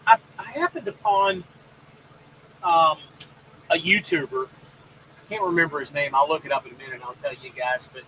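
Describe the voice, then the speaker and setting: A man's voice: fairly high pitch, bright, forceful tone, a little hiss or hum, low-quality recording. A man hosting a casual live stream about trucking, rambling and greeting viewers by name. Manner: rambling, reads out viewer comments.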